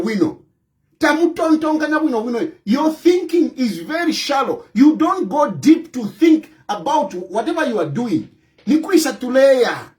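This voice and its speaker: An opposition party president with a Zambian accent and a very high-pitched voice gives impassioned political commentary over poor audio. His tone is scolding and combative, and he repeats his points for emphasis.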